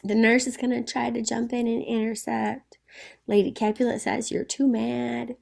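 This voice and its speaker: A woman's voice: a little high, level tone, normal speed, gravelly. A woman teacher explaining a play to students in a conversational way, often checking in with rhetorical questions.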